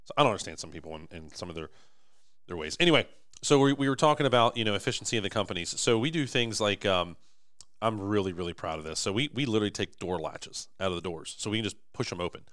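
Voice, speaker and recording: A young man talks fast and emphatically on a podcast, his voice going a little hoarse. His low voice is clear and smooth. The recording is close and dry. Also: lively intonation, fairly bright tone, no room sound. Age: young adult. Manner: enthusiastic, emphatic salesman. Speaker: podcast host, manufacturing company owner. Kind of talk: casual podcast chat.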